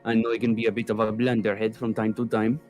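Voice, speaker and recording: A man's voice: on the low side, flat delivery, quick pace, a little mellow, natural voice. Man voicing a pompous noble lord, haughty and scolding, over faint music.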